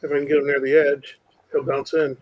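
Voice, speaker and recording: A man's voice: medium pitch, level tone, fairly quick, slightly rough, low-quality recording. A man playing a game with friends, calling out what he sees and narrating his own moves. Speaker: co-player. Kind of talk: play-by-play gaming chat.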